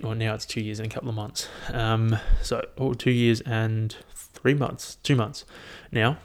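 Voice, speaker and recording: A young man talks casually into a headphone mic about the highlights of his year. He rambles, swears freely and laughs at his own anecdotes in an unpolished way. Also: fairly even intonation, a little slow. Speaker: vlogger. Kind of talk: casual solo year-review chat.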